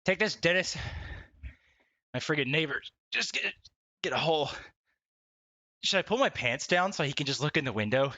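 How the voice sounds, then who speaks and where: A man livestreaming casually from his desk at home, laughing often, swearing and talking excitably to his chat. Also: a little high, moderate pace, long pauses, no room sound, muffled recording. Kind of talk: casual live-stream chat. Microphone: desk mic, wearing wired headphones.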